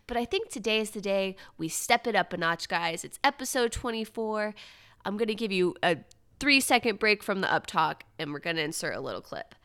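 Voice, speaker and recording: A woman's voice: mid-range voice, fairly bright tone, clean tone. A young woman hosting her own podcast in casual solo chat, with uptalk and a valley girl way of speaking. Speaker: podcast host.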